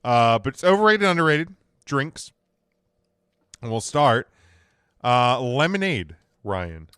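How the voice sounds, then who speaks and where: A man's voice: medium pitch, sing-song, slow pace, fairly bright tone, clean tone, dry recording, studio quality. A man hosting a casual podcast chat, laid-back and hesitant with many fillers. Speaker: podcast host.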